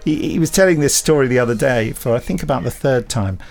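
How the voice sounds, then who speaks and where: Gravelly male podcast co-host. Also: mid-range voice, quick pace, a little mellow, soft background music. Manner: chatty anecdotal storytelling with mimicry. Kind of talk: casual chat.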